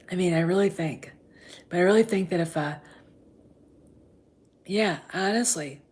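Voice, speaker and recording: Brief: female fan-show host, casual rambling chat, husky and low, hushed asides. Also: unhurried. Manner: rambling, often drops into whispers.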